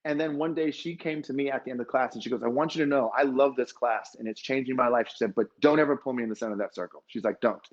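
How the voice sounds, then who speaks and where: A man's voice: medium pitch, quick pace, hardly any pauses, muffled recording. A man, a fitness dance instructor, telling an emotional story at a conference and acting out the dialogue.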